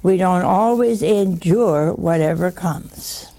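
A woman's voice: fairly low pitch, slow pace, warm tone. A woman giving a chatty sermon, teasing her listeners with rhetorical questions and humor. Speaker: religious teacher. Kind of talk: conversational sermon.

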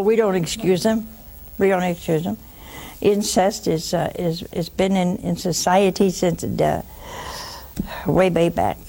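A woman hosting a religious call-in show, teaching in an animated way, mocking with put-on quotes and dropping to a hush for emphasis. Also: fairly low pitch, gravelly. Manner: animated, mocks with put-on quotes, drops to a hushed whisper for emphasis.

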